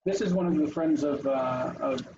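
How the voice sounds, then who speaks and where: Man, online teacher, gravelly mellow voice, lively intonation, slightly dull call audio. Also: fairly high pitch, moderate pace, noisy background. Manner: animated, asks students in turn, thinks aloud. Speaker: teacher leading an online class. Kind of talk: interactive online language lesson.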